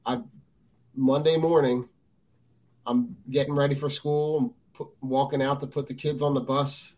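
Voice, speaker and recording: A laid-back man in his thirties tells a story on a sports podcast. He speaks in a mid-pitched, casual voice. His delivery is easygoing. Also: little pitch movement, moderate pace, darkish tone. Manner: laid-back storyteller, short agreeing replies. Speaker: podcast co-host.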